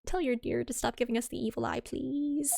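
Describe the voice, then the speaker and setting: A woman's voice: medium pitch, steady tone, drawn-out words, a little mellow, no room sound, clean studio sound. A woman voicing a shifty older prison governor with a folksy Scottish lilt, drawling and dodging questions. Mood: evasive. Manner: folksy, evasive, drawls with local words.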